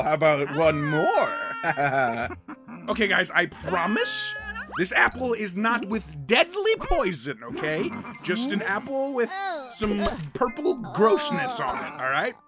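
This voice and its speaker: A woman voicing an excitable, dramatic male cartoon pencil character, rambling and bursting into shouts over background music. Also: mid-range voice. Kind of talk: animated cartoon reaction commentary.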